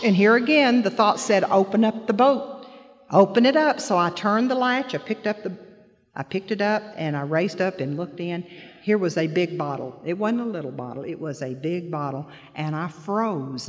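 A middle-aged woman shares a heartfelt personal testimony with an audience. She tells it earnestly, and her voice sinks soft and low in the painful parts. Her voice carries a long reverb, as if spoken in a big hall. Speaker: guest speaker sharing personal testimony.

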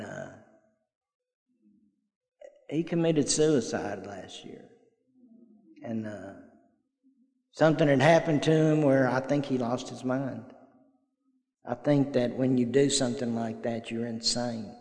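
A man's voice: mid-range voice, takes it slowly, long pauses, darkish tone. An older man, telling folksy personal stories at a recovery meeting and acting out the dialogue. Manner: folksy storyteller, acts out quoted dialogue. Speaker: AA meeting speaker. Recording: echoey hall.

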